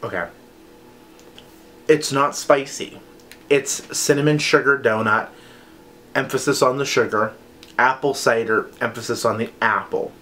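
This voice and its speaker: Upbeat chatty guy doing a scent haul, mid pitch, faint hum behind. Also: a bit bright. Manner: chatty, enthusiastic, playful. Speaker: vlogger reviewing wax melts. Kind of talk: casual haul review.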